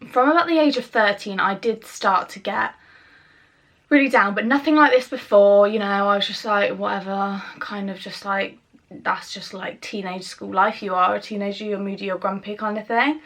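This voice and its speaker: A woman's voice: medium pitch, pushed and bright. A young woman speaking to camera in a personal vlog, chatty and rambling, with fillers and self-interruptions. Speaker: YouTuber.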